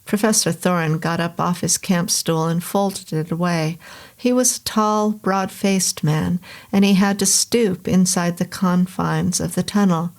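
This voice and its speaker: A woman reading a vintage horror novel aloud as narrator, in a steady, unhurried storytelling manner. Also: lowish voice. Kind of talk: scripted audiobook narration.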